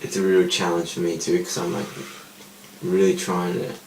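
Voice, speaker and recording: A man's voice: low-pitched, completely flat delivery, moderate pace, creaky, echoey room, recorded from a distance, a little hiss or hum, low-quality recording. A man in casual chat, laid-back and hesitant, with many "like"s. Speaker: podcast co-host.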